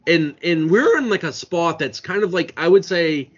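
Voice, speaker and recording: New England man, podcast co-host, lively storyteller with a swinging pitch, dull lo-fi sound. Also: normal speed. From Maine. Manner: animated storyteller, swears casually. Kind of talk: casual sports chat. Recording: dull lo-fi audio.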